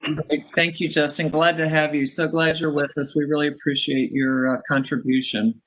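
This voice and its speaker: A woman's voice: sits low, flat delivery, moderate pace. A woman hosting a video-call mentoring meeting, introducing each guest with effusive, chatty remarks. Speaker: meeting organizer. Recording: muffled video-call audio.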